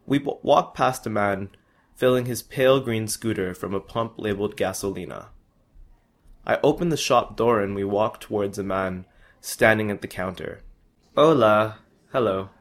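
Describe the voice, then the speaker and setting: A man's voice: fairly low pitch, normal speed. A young man earnestly reading his personal travel story aloud. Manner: earnest, with small restarts.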